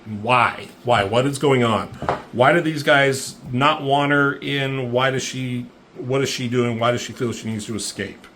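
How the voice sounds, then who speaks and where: A man talks through a comic in a loose, unscripted way, full of fillers and curses. His voice sits at an ordinary middle pitch and climbs sharply when the action heats up. A faint hiss runs under the recording. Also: unhurried. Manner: profane, excitable play-by-play with lots of fillers. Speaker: comic book reviewer. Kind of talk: casual comic book recap.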